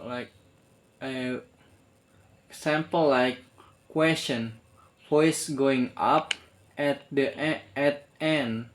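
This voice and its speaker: Young male student, very slow, halting delivery, spoken homework. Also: medium pitch. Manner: halting, many restarts and fillers. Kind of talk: spoken assignment answer.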